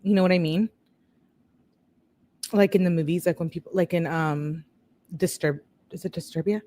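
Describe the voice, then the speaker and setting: A woman's voice: lowish voice, moderate pace, mellow. A woman hosting a true-crime video, reading text messages aloud in a casual way and breaking off to react and talk to her viewers.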